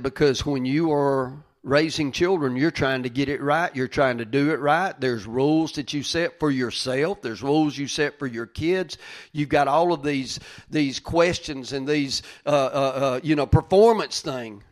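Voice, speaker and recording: An older man, preaching in a conversational style, calling listeners by name and moving between loud rises and quiet asides. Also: mid-range voice, a little slow. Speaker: pastor. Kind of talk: conversational sermon.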